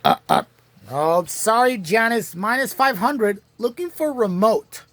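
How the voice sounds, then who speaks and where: Woman, game show host, slow careful delivery, slightly high voice, spells out words, halting restarts. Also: very animated, no room sound. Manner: reads clues slowly and spells answers letter by letter. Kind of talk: playing a home-made crossword game show.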